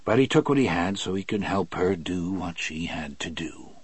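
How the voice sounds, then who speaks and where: A man reading an audiobook aloud in a measured, wry storytelling manner. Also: low voice, lively intonation, slightly rough, no room sound. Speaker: narrator. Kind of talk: audiobook narration.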